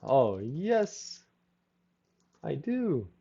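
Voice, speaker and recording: Male English teacher, very slow and sing-song, patient repetition, dull lo-fi sound. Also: fairly high pitch, big pitch swings, creaky, dark tone, slightly rough. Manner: slow, repetitive drilling with brief Spanish asides. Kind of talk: live online class. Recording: dull lo-fi audio.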